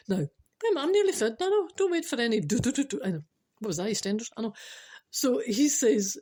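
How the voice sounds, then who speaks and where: A woman's voice: mid-range voice, big pitch swings, a little fast, a little mellow, slightly rough. A Scottish woman telling a story casually to an audience, chatty with rambling asides and laughs at herself. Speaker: storyteller host.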